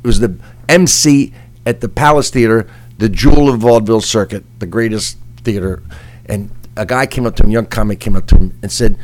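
A man's voice: on the low side, a little fast, low-quality recording. A man who has written a book and booked comedians, talking casually and explaining things at length with many you-knows. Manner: explanatory, lecturing, with many 'you know' fillers. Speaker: comedy club manager and author. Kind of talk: casual conversation.

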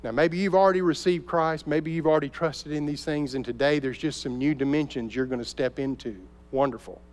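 A man preaching a sermon as a pastor, telling a story and dropping to soft, intense tones at key moments. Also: a little high, fairly even intonation, brisk, a little hiss or hum. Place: church sanctuary. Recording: long reverb of a large hall.

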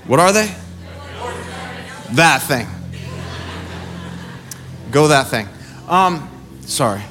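A man preaching a sermon as pastor, passionate, building to shouted exhortation. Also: on the high side, sing-song, very slow, a little hiss or hum. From family roots in the American South. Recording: faint music under the voice.

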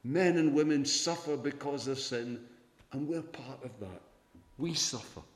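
A man's voice: medium pitch, a little slow. Man preaching in an echoey hall. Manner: earnest preaching with swells of emphasis and soft drops. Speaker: pastor. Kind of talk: sermon.

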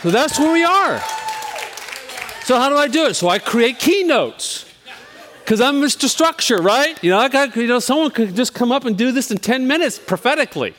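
A man preaching an informal sermon in a candid, self-deprecating way. His voice sits high and swings widely in pitch. The sound rings with a long reverb, as if in a large church hall. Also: sing-song, normal speed, fairly bright tone, some chatter behind. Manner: candid, self-deprecating, chatty with frequent restarts. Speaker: pastor.

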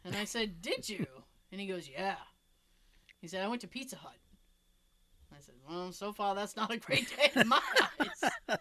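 A woman's voice: mid-range voice, lively intonation, normal speed, pauses often, bright, forceful tone. A woman chatting casually, telling funny family stories with lots of swearing and laughter. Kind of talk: casual chat.

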